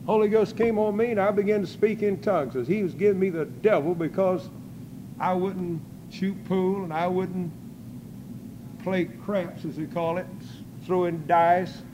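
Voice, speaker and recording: An older man preaching a testimony sermon in folksy storytelling style, breaking into loud praise. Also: high-pitched, unhurried, muffled recording, background noise.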